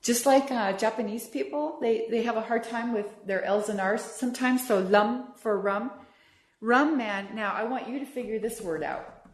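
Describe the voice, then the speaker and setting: A woman's voice: fairly high pitch, moderate pace. An American woman giving a public lecture, chatty and enthusiastic, repeating words for her audience. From USA. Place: lecture room. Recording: roomy lecture hall.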